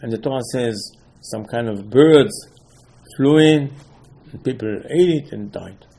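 A man teaching an animated Torah class, mixing Hebrew terms into his English and pressing rhetorical questions. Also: mid-range voice, a little slow, gravelly. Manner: repeats rhetorical questions, emphatic.

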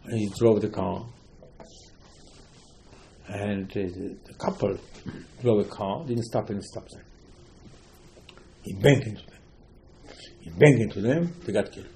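A man's voice: on the low side, a little slow, vocal fry, pauses often, mellow, slight background noise, rough recording. A man giving an informal religious talk, telling a story with many repetitions and emphatic rising outbursts. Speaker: religious teacher.

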